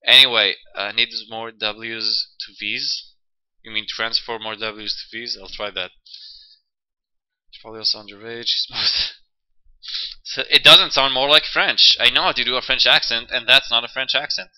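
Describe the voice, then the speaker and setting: A chatty man talking casually to viewers between reading lines, self-deprecating and relaxed in tone. His voice is very bright and forceful, picked up on a dull, lo-fi mic. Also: medium pitch, moderate pace, clear, resonant tone. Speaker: stream participant.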